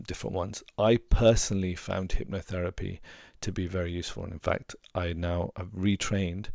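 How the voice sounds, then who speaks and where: Man, very low gravelly voice, dry close sound; earnest coach who repeats himself for emphasis. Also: darkish tone, dry recording. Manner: earnest, repeats words for emphasis, many restarts. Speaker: relationship coach and hypnotherapist. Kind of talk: advice talk to camera.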